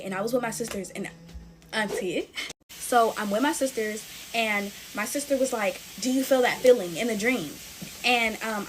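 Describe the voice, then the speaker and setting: A woman's voice: medium pitch, slight background noise. A young woman from the United States, casually telling scary stories at home while playing with slime, talking expressively and calling her viewers y'all. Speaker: storyteller. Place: indoors at home.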